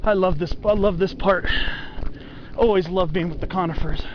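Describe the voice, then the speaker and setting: Man, high-pitched, enthusiastic hiking vlog, outdoors on a trail, dull lo-fi camera audio, faint background noise. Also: moderate pace. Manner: enthusiastic, gushing over the trees, talks to the camera while walking. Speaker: hiker filming his hike. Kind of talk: casual hiking vlog narration. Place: outdoors on a forested mountain trail.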